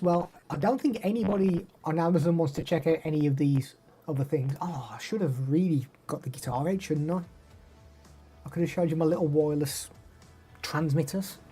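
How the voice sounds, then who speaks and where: Midlands guy live streaming, chatty, mellow dark voice, bit husky. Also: a little high. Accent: English Midlands. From the English Midlands. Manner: chatty, reads out viewer names and answers them. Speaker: live streamer demoing microphones. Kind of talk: casual live stream chat.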